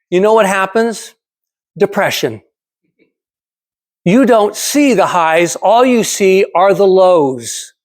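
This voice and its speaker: Older man giving an emphatic speech, high voice. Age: 70s. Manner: emphatic, with rhetorical questions and repetition. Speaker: club speaker. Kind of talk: prepared motivational speech.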